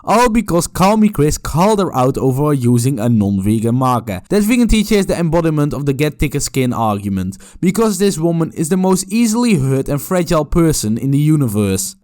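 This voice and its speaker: A man's voice: a little high, very animated, a little fast, few pauses, darkish tone. A man giving mocking, profane reaction commentary on a video clip. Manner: sarcastic, profane and scornful.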